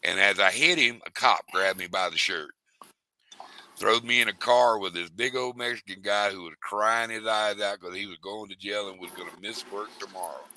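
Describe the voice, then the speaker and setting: A man's voice: lowish voice, normal speed, bright, forceful tone, poor audio. A middle-aged man, rambling through stories in casual chat. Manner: rambling, drawling storyteller.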